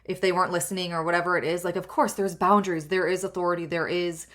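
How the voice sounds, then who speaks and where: A woman's voice: fairly low pitch, little pitch movement, fast, fairly bright tone. A young adult woman hosting a solo podcast, talking earnestly in a rambling way with many fillers and restarts. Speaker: podcast host.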